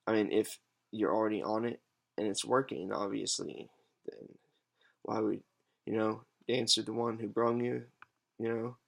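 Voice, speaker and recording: Guy in his 20s, kinda low and raspy, talking slow and unsure to the camera, lots of ums. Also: little pitch movement. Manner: halting, hesitant, many pauses and fillers. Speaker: patient advocate vlogger. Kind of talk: casual unscripted monologue. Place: alone at home.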